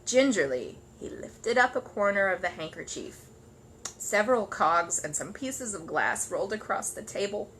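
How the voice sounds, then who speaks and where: A woman reading a children's storybook aloud in an expressive storytelling voice, with faint noise behind her. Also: mid-range voice, moderate pace. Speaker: storybook reader.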